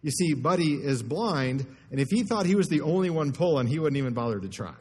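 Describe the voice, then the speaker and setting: A man voicing a calm old farmer in a story, shouting to his horse and then explaining plainly. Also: on the high side, fairly quick, natural voice. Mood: matter-of-fact. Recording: long church reverb.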